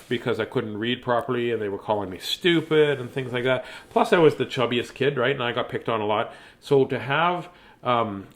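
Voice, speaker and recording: A man's voice: medium pitch, a bit bright. Male storyteller, casual read-aloud host, playful riffing, mid-range voice. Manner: playful and chatty, laughs and riffs. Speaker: host reading children's books aloud.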